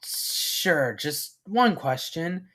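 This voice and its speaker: A man voicing an excitable young filly pony girl in a fan-written story reading, breaking into squeaky cries and shouts. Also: drawn-out words, heavily acted.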